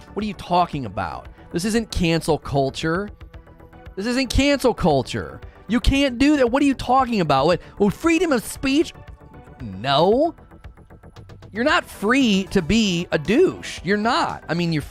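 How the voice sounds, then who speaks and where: A young man hosting a gaming talk show, ranting emphatically and repeating himself. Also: fairly high pitch. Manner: heated, emphatic, repeats phrases. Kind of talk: live stream talk show rant.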